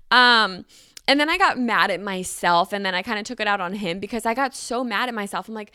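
A woman in her twenties hosting a podcast, telling a story casually with lots of "like" and animated acted-out quotes. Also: normal speed, smooth, no echo, studio quality. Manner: animated, acts out quotes with pitch jumps, frequent "like". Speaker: podcast host.

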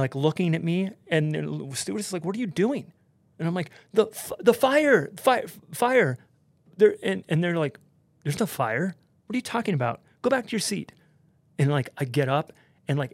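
Animated man telling a wild story. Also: mid-range voice, no room sound. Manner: animated, swearing, heavy use of "like" and "dude". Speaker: podcast guest, pro snowboarder. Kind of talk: casual storytelling.

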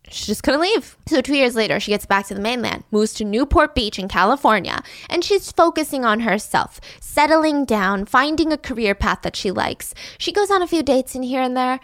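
A woman telling a funny story in a casual, animated, giggly way. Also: on the high side, no echo, studio quality. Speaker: podcast storyteller.

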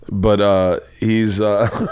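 An American man in his forties talks through his own comedy show in a loose, rambling monologue. He swears freely and tells stories with animated energy. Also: on the low side, very slow, clean tone. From United States. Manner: profane, rambling, animated storytelling. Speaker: comedian podcast host.

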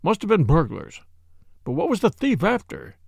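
A man doing a quiet, stolid gentleman. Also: fairly high pitch, wildly swooping pitch, vocal fry, breathy edge, no echo, studio quality, full character voice. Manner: quiet and slow. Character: stolid, reserved man of few words.

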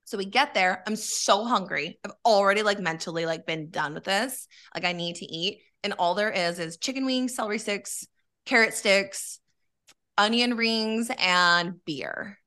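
A woman telling a long personal story in a casual chat, candid and animated, swearing freely. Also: medium pitch, unhurried.

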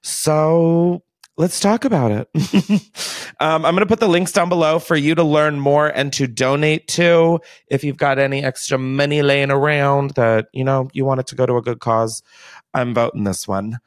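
A man hosting a podcast in casual chat, animated and profane, often laughing at himself. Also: on the high side, moderate pace, no echo, studio quality. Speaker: podcast host.

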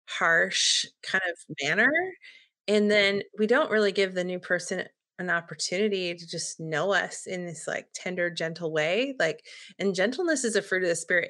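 Woman podcast guest, bright tone, lower-pitched, earnest and reflective. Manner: earnest, reflective, many fillers. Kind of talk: casual faith-based chat.

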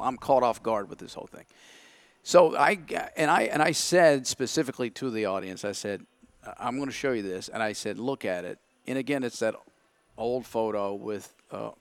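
A man's voice: mid-range voice, gravelly, fairly bright tone, no echo. A man, a podcast guest, telling his side of a story candidly and acting out his own thoughts in quotes.

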